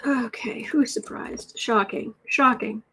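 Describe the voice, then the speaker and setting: A woman's voice: fairly high pitch, fairly even intonation, takes it slowly, creaky, bright, forceful tone, breathy edge. An American woman hosting a casual political livestream, reading headlines aloud and reacting with exasperation. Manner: exasperated, reads headlines aloud, coos to her cat. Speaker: livestream host.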